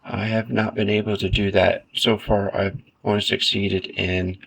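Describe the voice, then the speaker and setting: Laid-back male gamer, gravelly and unhurried, self-mocking asides over mouse clicks. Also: lowish voice. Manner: relaxed, self-deprecating, thinks aloud. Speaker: gaming video creator. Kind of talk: casual gameplay commentary.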